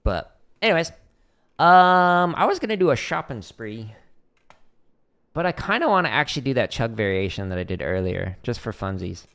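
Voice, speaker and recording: A man's voice: mid-range voice, very animated, normal speed, gravelly, fairly bright tone, slight background noise. A man teaching drum rudiments on a casual livestream, thinking aloud and counting beats, with drums playing behind him. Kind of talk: casual livestream drumming lesson. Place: home practice room.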